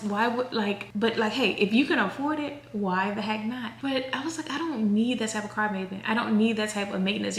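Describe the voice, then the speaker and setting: A woman's voice: medium pitch, creaky, a bit bright, echoey room. A woman, chatting casually to camera as a vlogger, rambling and correcting herself as she goes. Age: 30s.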